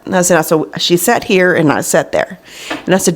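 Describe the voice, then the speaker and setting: A woman's voice: lowish voice, lively intonation, fairly quick. A woman in her thirties hosting a podcast, telling candid stories in casual chat and acting out the people she quotes. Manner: candid storytelling, acts out quotes. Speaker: podcast host.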